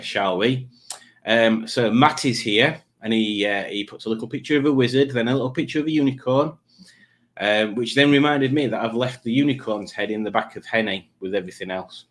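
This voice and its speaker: A man's voice: mid-range voice, a little fast. A man hosting a live stream, chatting casually and rambling from one tangent to the next. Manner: rambling, playful, breaks into silly put-on voices.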